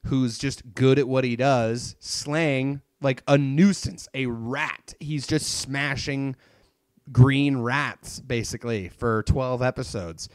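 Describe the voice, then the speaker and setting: A young man chats casually, energetically retelling a story's plot, swearing freely and acting out the characters' lines as quotes. He sounds animated and profane, with a smooth, medium-pitched voice and no room sound.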